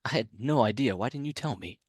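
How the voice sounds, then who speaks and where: A man playing a gentle, caring older brother. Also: mid-range voice, expressive, quick pace, no echo, clean studio sound, natural voice.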